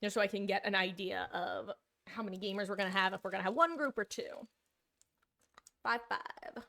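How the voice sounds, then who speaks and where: A woman streaming a game live, chatting casually with viewers, self-mocking and breaking into excited bursts. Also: mid-range voice, quick pace.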